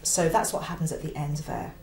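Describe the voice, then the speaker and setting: A woman teaching the oboe, explaining a piece with clear emphasis and now and then singing a phrase. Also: low voice, fairly even intonation, fairly quick, a little mellow, echoey room, slight background noise. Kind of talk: instructional explanation.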